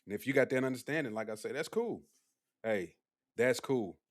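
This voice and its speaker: A young man hosting a casual live stream, animated and teasing as he talks back to his chat. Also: medium pitch, normal speed. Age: young adult.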